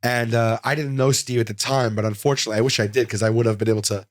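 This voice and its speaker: A man in his forties, a comedian guest, telling a rambling, animated anecdote in a casual interview, full of "like.". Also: medium pitch, rapid-fire, dry recording, studio quality.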